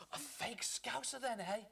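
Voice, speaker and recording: A young man hosts a kids' game show with a high-pitched, sharp, bright voice. He teases the contestants and bursts into loud, shouted cheering as they search. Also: creaky, a little hiss or hum. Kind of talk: children's game show presenting.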